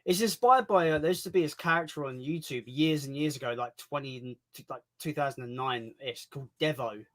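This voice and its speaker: A man on a live stream as a guest, chatting casually, self-deprecating and quick to laugh. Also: mid-range voice.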